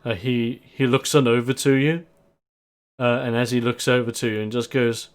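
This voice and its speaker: A man's voice: medium pitch, fairly even intonation, normal speed, clear, resonant tone. A man narrating a tabletop game as game master in a rambling way. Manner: rambling, with fillers.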